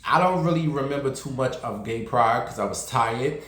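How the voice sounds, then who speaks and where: A man tells a long story straight to the camera, sassy and blunt. His pitch sits in the middle, and the room around him is echoey. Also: normal speed, fairly bright tone. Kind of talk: casual storytelling vlog.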